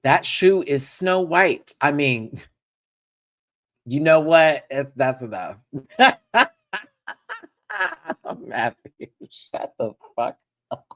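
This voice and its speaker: A man's voice: medium pitch, extremely slow, long pauses, a bit bright. A man from Texas hosting a casual live review, chatty, giggly and playful. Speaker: host.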